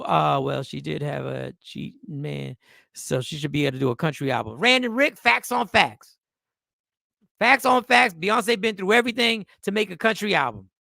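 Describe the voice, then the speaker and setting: High, gravelly man riffing casually. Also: dry recording, studio quality. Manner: animated, joking, swearing, reads chat comments aloud. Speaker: host. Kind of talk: casual comedic commentary.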